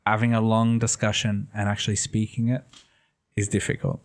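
A man's voice: on the low side, flat delivery, normal speed. A man from Australia with a mild Australian accent that has drifted toward American and English, chatting casually as an interview guest in a rambling, self-deprecating way. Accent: mild Australian, shifted toward American and English. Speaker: podcast guest.

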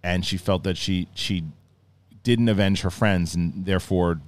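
Middle-aged man, low-pitched, loose rambling review commentary with plenty of restarts. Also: fairly even intonation, measured pace. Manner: rambling, acts out scenes in mock voices. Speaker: show reviewer.

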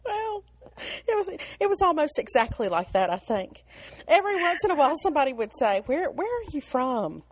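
Give me a Southern American woman, chatty co-host, slightly high voice. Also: big pitch swings, a little fast. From Alabama, US South. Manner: chatty, storytelling, laughs often. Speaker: podcast co-host. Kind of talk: casual chat. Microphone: online call.

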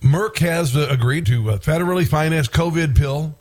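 A man's voice: fairly high pitch, normal speed, darkish tone. A man hosting a political talk show, delivering an indignant, rambling commentary monologue with frequent restarts and bursts of outrage.

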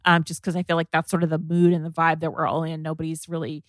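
Woman, podcast host, chatty and casual, slightly low voice, dry close recording. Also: monotone, fast, no room sound. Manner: chatty, filler-heavy product talk.

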